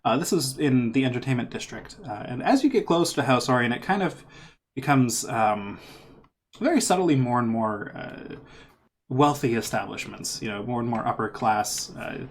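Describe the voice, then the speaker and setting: A man's voice: mid-range voice, animated, moderate pace, a little hiss or hum. A man narrating as game master of a tabletop game on a voice call, loosely and meanderingly.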